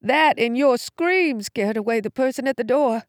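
A woman's voice: a little high, lively intonation, moderate pace, no room sound, clean studio sound, voice pushed up, lightly acted. A woman reading a storybook voices a frightened, devout middle-aged mother with a quavery, anxious voice. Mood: earnest. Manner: anxious, pleading.

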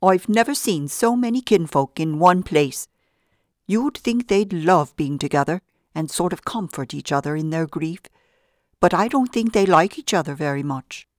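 A woman's voice: fairly low pitch, expressive, moderate pace, no room sound, clean studio sound, close to an everyday voice. A woman voicing a small, talkative male gardener with a lilting Irish brogue. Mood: chatty.

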